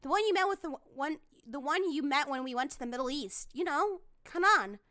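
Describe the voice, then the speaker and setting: Woman reading apologetic middle-aged dad, halting, high bright voice, faint music. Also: expressive. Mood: shaken. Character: remorseful middle-aged father, shaky and apologetic. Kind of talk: reading a visual novel aloud.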